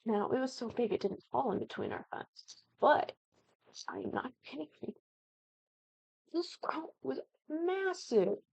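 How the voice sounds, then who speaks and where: Chatty young woman with a gravelly edge. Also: sits high, measured pace, long pauses, no echo, dull audio. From American Midwest. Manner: chatty and animated, with excited exclamations. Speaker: game builder streaming a house build. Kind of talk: casual gaming commentary.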